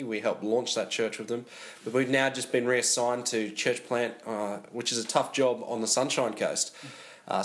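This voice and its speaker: A young man, a church planter talking as a podcast guest, relaxed, laughing often and restarting his sentences. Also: mid-range voice. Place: small bedroom at a camp. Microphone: passed-around phone.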